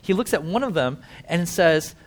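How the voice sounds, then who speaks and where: A man preaching a sermon who tells the story vividly, swings between emphatic and hushed, and talks directly to his listeners. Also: fairly high pitch, expressive, normal speed. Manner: conversational asides to listeners.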